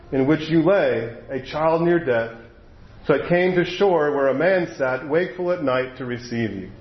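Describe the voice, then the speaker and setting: Majestic wise male lion, slow and solemn, read by a man, echoey and a touch muffled. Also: fairly high pitch, close to an everyday voice. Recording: echoey, slightly muffled room.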